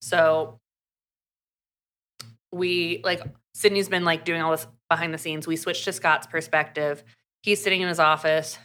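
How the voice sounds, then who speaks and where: Woman podcast co-host, bright tense tone, lowish voice, chatty recap peppered with "like" and quoted dialogue. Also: flat delivery. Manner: chatty, fast recap full of "like" and acted quotes. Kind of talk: casual book recap.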